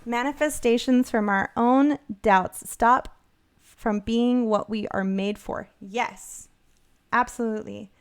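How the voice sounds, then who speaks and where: A woman's voice: on the high side, slow pace, clean tone. A middle-aged woman co-hosting a podcast, chatting casually and upbeat with many fillers and restarts. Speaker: podcast co-host. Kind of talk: casual livestream chat.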